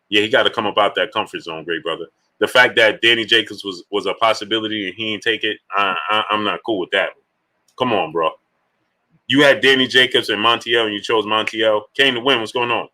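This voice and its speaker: Bright-voiced man hosting a boxing livestream. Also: fairly low pitch, a little fast. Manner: animated, shouts out viewer names between opinions. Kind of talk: casual live stream chat, reading super chats.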